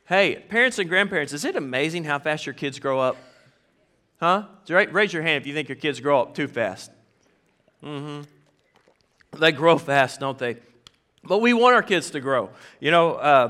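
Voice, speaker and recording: A middle-aged man preaching a sermon as pastor, folksy and animated, talking straight to his congregation. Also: a little high. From American South.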